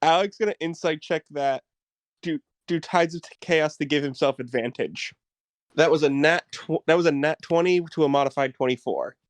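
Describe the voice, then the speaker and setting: Man, high voice, dry mic, blunt, swears casually, game-table chat. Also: moderate pace, no room sound. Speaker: player.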